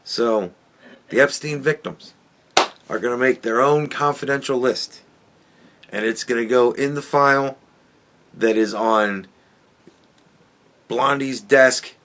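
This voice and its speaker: A man's voice: medium pitch, takes it slowly, long pauses, fairly bright tone, slight background noise. A man hosting a podcast, talking in a rambling, profane opinion monologue full of restarts. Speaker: podcast host.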